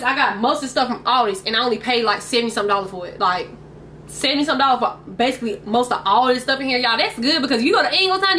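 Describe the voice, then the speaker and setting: Bright chatty woman vlogging. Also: on the high side, a little hiss or hum. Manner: chatty, keeps addressing viewers as y'all. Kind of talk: casual grocery haul chat. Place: at home, indoors. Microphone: camera mic.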